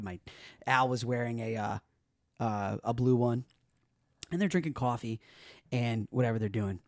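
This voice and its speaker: A man hosting a podcast in a studio, telling stories in a lively, profane way and acting out the scenes. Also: medium pitch, no echo. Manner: animated, profane, acts out scenes. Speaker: podcast host. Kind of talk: casual podcast storytelling.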